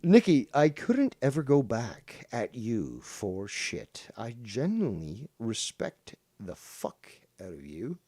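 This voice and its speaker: A man hosting a casual livestream in a combative, swearing manner, his pitch swinging up and down. The sound is close and dry, with no room in it. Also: huge pitch swings, takes it slowly, few pauses, mellow, husky, no echo. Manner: combative, reading chat aloud, swearing. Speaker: streamer host.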